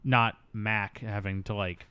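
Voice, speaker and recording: A man's voice: on the low side, steady tone, slow pace, pushed and bright, smooth. A man hosting a casual movie review podcast, rambling and jokey, now and then slipping into silly voices. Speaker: podcast host.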